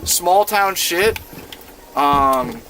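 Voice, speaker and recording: Speaking extremely slowly, a gaming streamer in his twenties from Iowa, USA sits inside a van telling a rambling, profane story in casual chat while streaming a game. He's laid-back and uses lots of fillers, his high voice animated, bright and forceful, with slight background noise.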